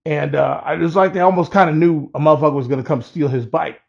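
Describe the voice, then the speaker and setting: A man's voice: fairly high pitch, fairly even intonation, fast talker, creaky, darkish tone, lo-fi sound. A man telling a story in a loose, rambling, profane way, chuckling as he goes. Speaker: storyteller vlogger.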